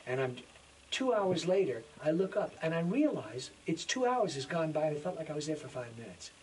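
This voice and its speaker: A man's voice: a little high, animated, fast talker, recorded from a distance, a little hiss or hum, rough recording. A man in his sixties, a voice actor in a making-of interview, telling anecdotes animatedly and acting out the lines he quotes. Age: 60s. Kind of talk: casual interview storytelling.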